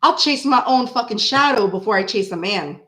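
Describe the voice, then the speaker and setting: A brash, chatty woman reads tarot live and swears freely. Her voice sits fairly high. It rings in an echoey room. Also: lively intonation, normal speed, sharp tone. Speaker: tarot reader. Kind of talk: live-stream tarot reading with chat.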